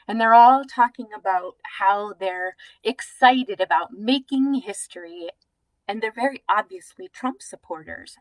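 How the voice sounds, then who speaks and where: A woman telling a true personal story in a vivid, expressive, descriptive way. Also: medium pitch, no echo, low-quality recording.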